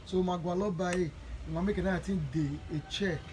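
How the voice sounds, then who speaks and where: Nigerian man with a high voice, earnest charity founder thanking and blessing supporters live. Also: fairly even intonation, moderate pace, darkish tone, slight background noise, low-quality recording. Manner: earnest, repetitive, blessing-giving. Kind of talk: live video address to supporters.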